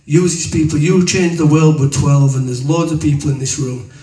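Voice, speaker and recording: A man preaches in a loose, colloquial storytelling way, his voice sitting a little high. He is heard from some distance off the mic. The room around him rings with echo. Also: fairly even intonation, normal speed, warm tone. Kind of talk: testimony and teaching. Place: room with an audience. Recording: echoey room, voice from away from the mic.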